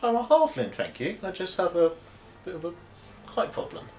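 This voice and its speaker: A man playing a tabletop game in character, trading dry, deadpan quips. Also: high voice, normal speed, echoey room. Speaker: player.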